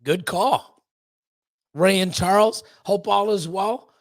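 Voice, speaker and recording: A man's voice: high-pitched, slow, no room sound. A man hosting a live stream, greeting chat viewers one by one in a rambling, loose way with lots of fillers. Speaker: livestream host.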